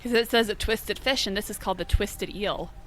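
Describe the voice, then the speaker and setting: A young woman chatting casually through a video game, thinking aloud, reacting with quick startled remarks, and reading the game's text aloud. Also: mid-range voice, slight background noise. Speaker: gaming channel host.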